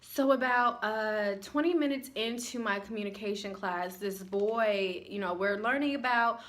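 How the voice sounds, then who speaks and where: A woman's voice: medium pitch, normal speed, few pauses. A young woman vlogging, telling sarcastic stories about her first day of classes and acting out the people in them. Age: young adult. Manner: sarcastic, animated, acts out people she quotes. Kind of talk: casual storytelling vlog.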